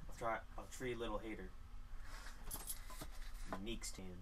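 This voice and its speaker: A man's voice: lowish voice, fairly even intonation, moderate pace, fairly bright tone, a little hiss or hum, low-quality recording. A man reading viewer chat comments aloud with brief, dry replies, a bit away from the mic at home.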